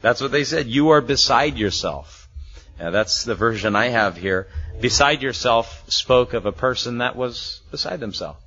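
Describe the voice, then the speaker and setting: Faint music plays behind a pastor whose medium-pitched voice has a sharp tone and a normal pace. In a muffled lo-fi sermon recording, he conversationally walks through a Bible passage verse by verse, chuckling often and performing the voices of the people in it.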